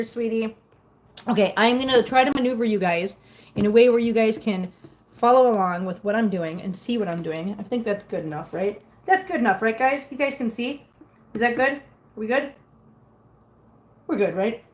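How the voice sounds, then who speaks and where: A woman's voice: a little high, normal speed, pauses often. A middle-aged woman chatting casually on a livestream and cooing baby talk to her cats. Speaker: vlogger reading live chat.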